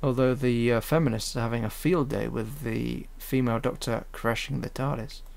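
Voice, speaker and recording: At a moderate pace, a man with a gravelly, slightly mellow, medium-pitched voice and fairly even intonation rambles through casual editing commentary with frequent fillers. He's an animator working on his own fan series at a home computer.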